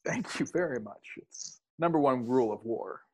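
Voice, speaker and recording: A man co-hosting a podcast, a gravelly-voiced talker who chats casually and teases his friend in joking banter. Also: medium pitch, lively intonation, moderate pace, a little mellow. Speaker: podcast co-host. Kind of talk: casual chat.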